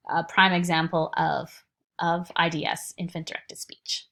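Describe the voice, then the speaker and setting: A woman instructor giving a recorded lecture in a chatty, animated way, now and then dropping into sing-song baby talk to demonstrate. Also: fairly low pitch, measured pace, vocal fry.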